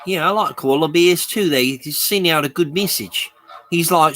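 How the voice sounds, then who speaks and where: A man's voice: fairly high pitch, moderate pace, bright, forceful tone, faint music behind. A man chatting with viewers on a live stream, rambling and laughing often. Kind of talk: casual live-stream chat.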